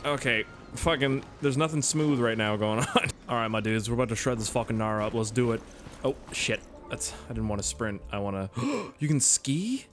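Let's-play guy, lively and swearing, over a loud, noisy game-audio backdrop. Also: medium pitch, moderate pace. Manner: excitable, swears a lot, laughs at own jokes. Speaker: gaming YouTuber.

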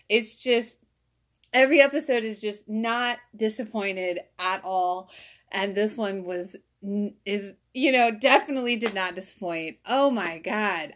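A woman hosting a TV reaction video, talking back to the screen in an expressive, exclaiming way. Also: medium pitch. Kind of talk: casual TV reaction commentary. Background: TV episode audio playing.

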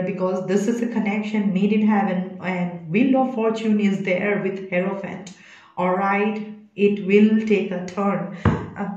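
A woman giving a spiritual tarot reading, speaking softly and emotionally, consoling her listeners with many pauses and fillers. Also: mid-range voice, reverberant, lo-fi sound, a little hiss or hum. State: emotional, holding back tears. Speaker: tarot reader.

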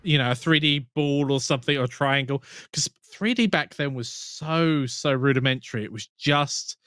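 A man's voice: medium pitch, moderate pace, a bit bright, clean tone, no echo, studio quality. A man co-hosting a casual video-call podcast, reminiscing in a chatty way. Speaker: podcast co-host. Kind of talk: casual chat.

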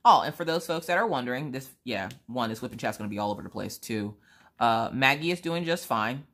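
Animated woman telling stories. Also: a bass voice, brisk. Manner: animated rambling storyteller. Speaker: crafting vlogger. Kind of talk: casual chat while crafting.

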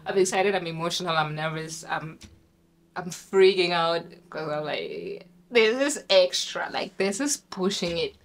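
A young woman from Namibia chatting casually in a vlog, excitable and talkative, with sudden high squeals. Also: measured pace. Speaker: vlogger.

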